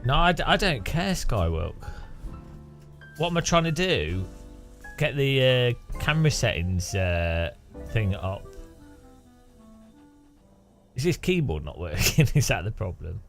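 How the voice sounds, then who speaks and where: A man's voice: mid-range voice, big pitch swings, slow, pauses often, faint music behind. A man streaming a game, rambling and joking with his chat in a self-mocking way. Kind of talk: casual live stream chat while gaming.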